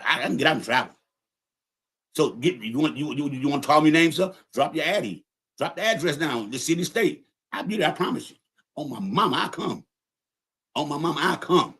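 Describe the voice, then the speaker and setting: A man's voice: fairly high pitch, a bit bright. A man hosting a podcast livestream, delivering an angry, profane, confrontational rant and repeating his points for emphasis. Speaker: podcast host. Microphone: livestream setup.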